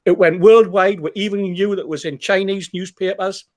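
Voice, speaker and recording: Bloke rambling thru a story, bit higher voice, lots of ums. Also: male voice, fairly even intonation, moderate pace, a little mellow. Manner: rambling, anecdotal, with fillers and repeats. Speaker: podcast host. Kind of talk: casual storytelling chat.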